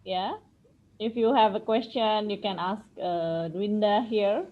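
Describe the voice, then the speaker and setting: A woman moderating an online course in a relaxed, chatty way, heard over a video call. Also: medium pitch, measured pace. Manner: relaxed, chatty, laughs often. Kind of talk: casual online chat. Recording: muffled video call audio.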